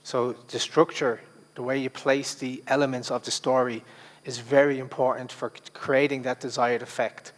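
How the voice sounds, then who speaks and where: A man's voice: mid-range voice, flat delivery, moderate pace. A man presenting a public speaking workshop in a conversational way, with fillers and restarts. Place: conference workshop room. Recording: long reverb in a hall.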